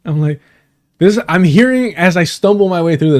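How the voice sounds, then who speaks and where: A man hosting a casual live stream, reacting to his chat in an animated, self-deprecating way. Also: a little high, brisk. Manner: animated, self-deprecating, laughs through lines.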